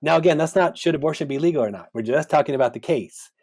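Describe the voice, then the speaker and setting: A man talking as a podcast guest in a relaxed interview, thoughtful and animated, often acting out the voices of people he quotes. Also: a little high, quick pace, creaky, husky. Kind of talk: conversational interview.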